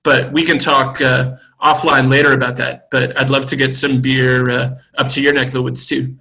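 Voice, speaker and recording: A brewer talks over a video call, unhurried and thoughtful, filling gaps with "um". His voice is bright and clear, pitched at an ordinary middle level. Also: low-quality recording. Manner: relaxed, thoughtful, with many fillers. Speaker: brewery co-owner. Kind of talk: casual video call chat.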